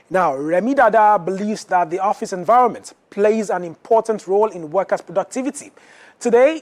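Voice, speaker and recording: A woman presenting a news programme with polished scripted delivery. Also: mid-range voice.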